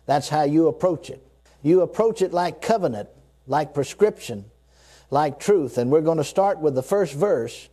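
A man's voice: fairly high pitch, dark tone. A man preaching a sermon, emphatic and repetitive, leading his listeners to repeat lines after him. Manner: emphatic, repetitive, leads the listeners in spoken confessions.

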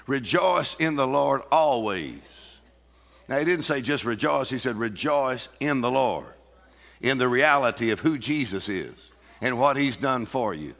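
A man's voice: medium pitch, expressive, unhurried, creaky, a bit bright. A man preaching a sermon in a church, emphatic and laughing often as he calls out to the congregation. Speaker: pastor. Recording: reverberant hall.

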